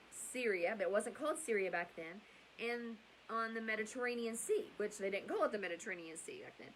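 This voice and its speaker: A woman's voice: on the high side, slight background noise, low-quality recording. A middle-aged woman hosting bedtime Bible stories, chatty and rambling, with asides and self-corrections. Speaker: storyteller and host.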